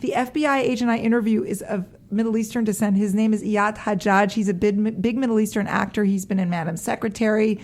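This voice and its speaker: A woman's voice: medium pitch, steady tone, fairly quick, few pauses, a little mellow. Chatty, laughing actress woman. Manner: chatty, laughs often, lots of "like" and "you know". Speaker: actress guest. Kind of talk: casual radio interview chat.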